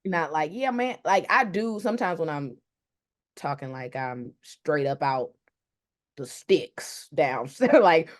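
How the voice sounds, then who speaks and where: This podcast co-host is a young Detroit, Michigan woman whose voice sits low and carries the local accent. Lively and quick to laugh in a casual chat, she performs the voices of anyone she quotes.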